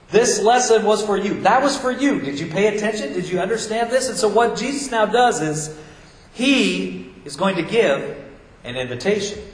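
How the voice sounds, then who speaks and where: A man preaching a sermon as pastor, animated, often acting out his listeners in a low mumble. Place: church sanctuary. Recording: echoey church hall.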